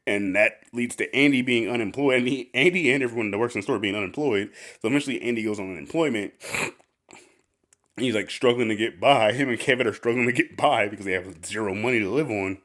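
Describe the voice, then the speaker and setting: A man's voice: medium pitch, fast talker, a bit bright. A man hosting a casual podcast, rambling with lots of fillers and frequent laughter. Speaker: podcast host.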